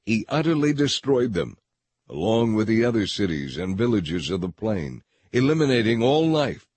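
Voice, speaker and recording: A man reading scripture aloud in a measured, steady narration. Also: fairly low pitch, slightly rough, no echo. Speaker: scripture reader. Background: faint music.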